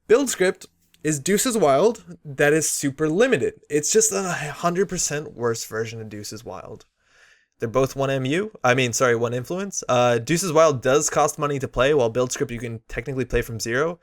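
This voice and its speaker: A man's voice: medium pitch, expressive, moderate pace. A man giving casual, opinionated commentary while unboxing and reviewing game cards, with frequent fillers. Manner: chatty, opinionated, many fillers.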